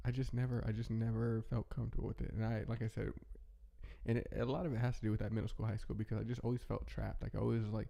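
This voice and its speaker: A man hosting a casual, rambling monologue, talking in a relaxed way with many restarts. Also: on the low side, fast, creaky. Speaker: host.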